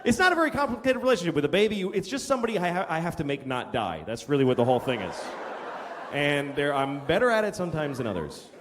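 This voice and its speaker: A middle-aged man doing a stand-up routine, with a profane, deadpan confessional delivery. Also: on the high side, fast talker, a crowd in the background. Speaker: stand-up comedian. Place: large hall before a live audience. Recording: long hall reverb with background noise.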